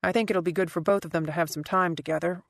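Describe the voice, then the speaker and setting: A woman reading an audiobook and voicing a guarded, quiet man who speaks in a soft, halting way. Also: steady tone, lightly acted. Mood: wry. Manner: soft, halting, low-key delivery. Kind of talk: audiobook character voice.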